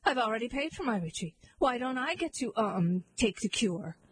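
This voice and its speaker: A woman's voice: fairly high pitch, sing-song, moderate pace, a little hiss or hum. A woman voicing a sleazy, whiny male prince in a storybook reading, hesitant and full of ums. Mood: pleading. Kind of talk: storybook character voice.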